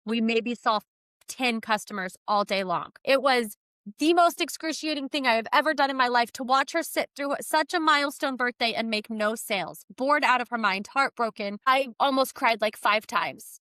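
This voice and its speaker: A woman's voice: fairly high pitch, clear, resonant tone, no echo. A woman in her thirties, a podcast guest who founded a business program for kids, telling stories with animation and acting out what people said. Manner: animated storytelling, acting out her own quotes. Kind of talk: podcast conversation.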